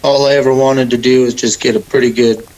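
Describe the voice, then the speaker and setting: A young man, a mixed martial arts fighter, answering interview questions in a relaxed, rambling way with many fillers. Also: mid-range voice, fairly quick, rough recording. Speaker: MMA fighter, guest.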